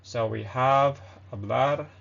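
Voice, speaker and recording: A man's voice: mid-range voice, takes it slowly, vocal fry, a bit bright. A man hosting a casual beginner language lesson, who reads short phrases, translates them and explains with hesitant fillers and self-corrections. The audio is dull and lo-fi. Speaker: Spanish lesson host.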